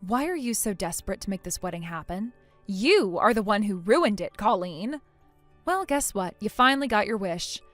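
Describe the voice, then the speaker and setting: An injured young bride speaks with icy scorn, her voice rising high and dropping low, as a woman acts her out. It is a dry, close recording with faint music behind. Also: fairly bright tone, no echo, close to an everyday voice. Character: furious injured young bride, cold and cutting. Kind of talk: text-message story voice acting.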